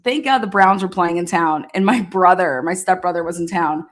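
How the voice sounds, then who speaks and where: A woman casually telling a profane, animated story, often laughing and acting out what people said. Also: lowish voice, moderate pace. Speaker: storyteller recounting past events. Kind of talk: casual anecdote.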